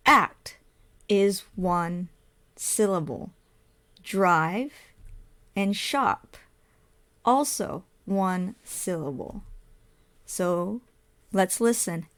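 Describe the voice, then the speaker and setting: Woman ESL teacher, very slow measured delivery, mid pitch, step-by-step explainer. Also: fairly bright tone. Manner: spells out letters, asks and answers her own questions.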